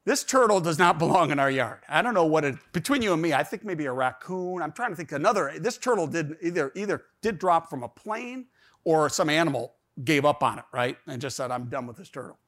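A middle-aged man with a fairly high voice tells a personal story to a room. He rambles, restarts his sentences and fills pauses, and his telling turns animated as it goes on. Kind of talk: storytelling talk.

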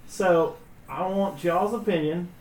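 Host-type man, relaxed, joking, roomy echo, heard from back off the mic. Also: high-pitched, takes it slowly, a little hiss or hum. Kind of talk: casual group chat. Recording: echoey room, mic at a distance.

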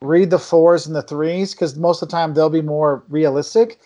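A young man on a podcast, telling travel stories in casual chat and acting out quotes in lively voices. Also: normal speed. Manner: animated storyteller, acts out quotes with big pitch jumps. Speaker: travel video maker, podcast guest.

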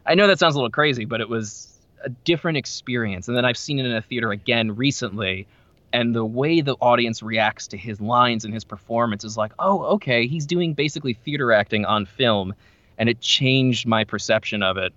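A man chatting casually about movies, animated, his voice jumping high when he quotes himself. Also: a little fast, no room sound, highs cut off. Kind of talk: casual film discussion.

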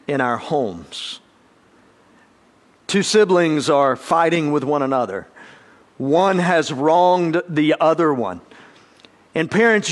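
A male pastor preaching a sermon in an earnest style, lifting his voice when he acts out quoted speakers. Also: a little high.

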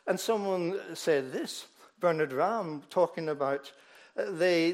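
A man preaching a sermon, emphatic, moving between loud declarations and low, quiet asides, often repeating words as he goes. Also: slow.

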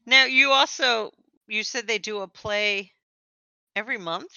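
Woman, podcast co-host, smooth clear voice, dry muffled recording. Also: on the high side, a little slow, pushed and bright, no room sound. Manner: brief, asks questions, teasing. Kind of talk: casual chat.

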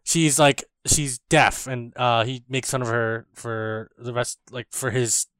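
A man chatting casually, relaxed, with short reactions and easy laughter. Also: medium pitch, measured pace, clear, resonant tone, dry recording, studio quality. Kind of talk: casual chat.

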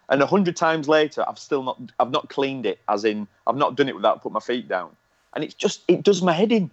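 A man's voice: mid-range voice, animated, fairly quick, dry recording. Man, Lancashire accent, teasing banter, lo-fi dry recording. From Lancashire, England. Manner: joking, self-deprecating, teasing. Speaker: co-host. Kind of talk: casual banter.

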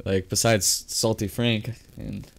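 A man with a fairly low voice co-hosts a relaxed live-stream podcast over a headset. He talks loosely, swears casually and laughs easily. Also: takes it slowly, gravelly. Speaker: podcast co-host.

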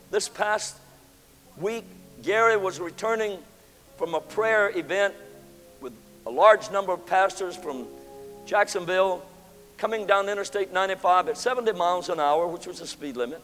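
A man preaching in a church sanctuary, his voice high and bright. He swings from ringing declarations down to near whispers, and a long hall reverb trails every phrase over faint music. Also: moderate pace. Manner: preaching with dramatic swings between loud and hushed. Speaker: pastor. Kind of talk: sermon.

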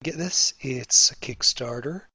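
A man's voice: mid-range voice, a little slow, bright, forceful tone, husky. A man co-hosting a podcast, explaining things at length in eager, casual chat. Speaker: podcast co-host.

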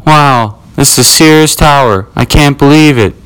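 A man doing a loud, gawking male city tourist. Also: on the high side, measured pace, smooth, voice pushed up, rough recording. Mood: amazed.

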